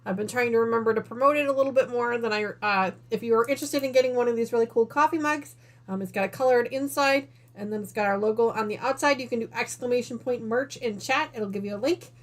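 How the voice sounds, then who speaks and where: A woman's voice: a little high, fast talker. Breathless chatty woman hosting a live stream. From Northern Illinois, US. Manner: chatty, apologetic, warm greetings to chat. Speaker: quilting channel host. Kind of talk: casual live-stream chat.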